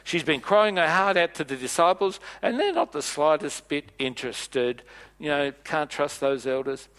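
A man preaching a sermon in a church, playful and animated, acting out bits of dialogue as he goes. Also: fairly high pitch, normal speed.

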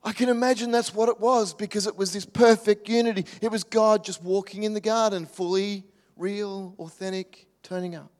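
A man preaching a sermon in a church, animated, acting out voices and dropping to soft near-whispers. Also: high-pitched, normal speed, hardly any pauses. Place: church hall. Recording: reverberant hall.

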